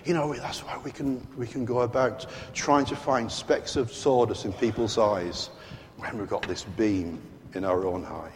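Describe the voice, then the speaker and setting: Here the British preacher's voice sits on the low side, moving at a moderate pace with slight background noise. He addresses the congregation of a large church hall emphatically, leaning on rhetorical questions, while the hall's long reverb lingers.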